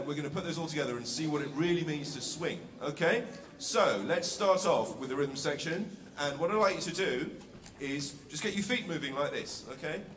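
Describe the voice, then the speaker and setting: A man's voice: a little high, noisy background. A man leading a live music workshop, coaxing a crowd through counting, clapping and call-and-response scat chants. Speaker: workshop leader. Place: school hall with live band and audience. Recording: echoey hall, mic far off, loud band and crowd.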